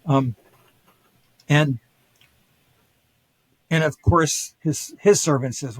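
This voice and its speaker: Speaking slowly with long pauses, this older historian has a medium-pitched, slightly rough voice, recorded roughly with no room sound. As a guest on a podcast, he tells ancient stories like a casual lecture, full of quoted voices, fillers and restarts.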